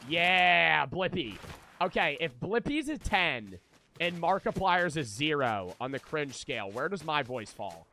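A man's voice: a little high, big pitch swings, measured pace, bright, forceful tone, slight background noise. A man live-streaming a video game, chatting casually with viewers and swearing freely as he rambles. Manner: profane, rambling, talks to chat.

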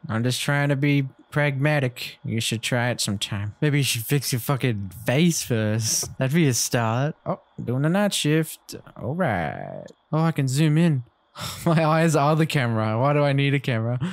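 A man's voice: mid-range voice, dry recording. Jittery young man swearing through a horror game. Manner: jittery, swearing, jokey asides to game characters. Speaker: gaming video host. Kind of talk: playing a horror game with commentary.

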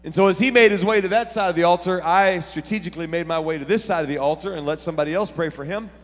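A man preaching a sermon as pastor, telling stories and building to shouted preaching. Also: high voice, quick pace, in a large hall. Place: church sanctuary.

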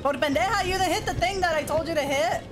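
A woman streaming a horror game, shouting and yelping at it, then talking with her viewers. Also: very high voice, fast. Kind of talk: live game commentary. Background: game music.

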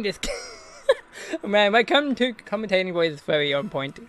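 An Australian man hosting a gaming channel, giving excitable mock sports commentary on his own match and cheering loudly. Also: high-pitched, normal speed, long pauses. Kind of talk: self-commentary while playing a video game.

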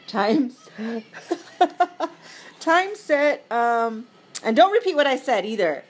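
A woman chatting casually as she plays a mobile game, giggly and quick to apologize. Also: a little high, big pitch swings, slightly rough. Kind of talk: casual gameplay commentary.

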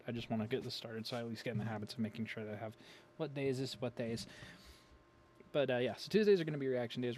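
A man's voice: medium pitch, darkish tone, a little hiss or hum. A man hosting his own channel, chatting casually in a rambling, jokey way, with playful exaggeration. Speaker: channel host. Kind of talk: casual story-time vlog chat.

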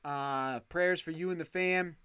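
High-pitched man, smooth clear voice, dry close sound, excitable and effusive, casual livestream chat. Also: unhurried, no room sound. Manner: excitable, effusive thanks, frequent restarts. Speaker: channel host reading live chat.

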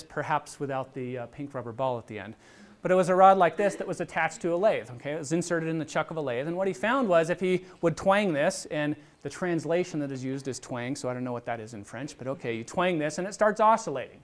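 A middle-aged man lecturing on physics in a lecture hall, explaining step by step in a conversational way with little asides. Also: on the high side. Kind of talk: university lecture with live demonstration.

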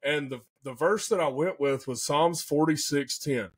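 A man, a podcast guest telling a story in an excitable, animated way and often saying "man" and "dude". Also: fairly high pitch, normal speed, breathy edge. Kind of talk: casual storytelling.

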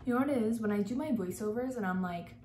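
A woman's voice: a little high, quick pace, darkish tone, slight background noise. A young woman, a makeup artist, chatting casually through a makeup tutorial, gushing and saying "like" a lot. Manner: chatty and gushing, heavy use of "like". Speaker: makeup artist and beauty vlogger. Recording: echoey room.

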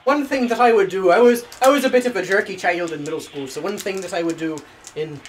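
A young man giving jokey play-by-play as his friends play a video game at home. His voice sits high for a man. A faint hum of room sound lies behind him. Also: fast talker, distant mic. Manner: joking play-by-play with frequent laughter. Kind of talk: casual gaming commentary. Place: basement at home.

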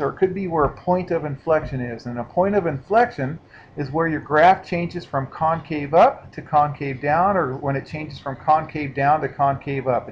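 Man, math teacher, casual lecture, slightly high voice, muffled lo-fi audio. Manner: casual, explanatory, checks in with listeners. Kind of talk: recorded classroom lecture. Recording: dull lo-fi sound with faint hiss.

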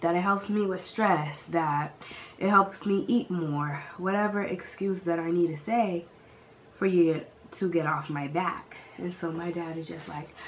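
A young woman from the Boston area, recorded at home on a camera mic, telling a story to viewers in a chatty, animated way. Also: fairly low pitch, unhurried, a little hiss or hum. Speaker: vlogger. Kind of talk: casual storytelling.

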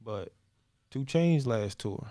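A male podcast host chatting casually, his pitch swinging widely as he tells a story. The sound is dry and close, with no room around it. He comes across as playful and animated. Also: slow, no echo. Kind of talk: casual chat.

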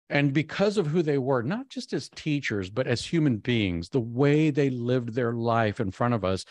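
Guy giving a keynote, animated storytelling, acts out his inner voice, dry sound, middle pitch. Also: no echo. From Texas. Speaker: keynote speaker. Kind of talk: personal storytelling speech.

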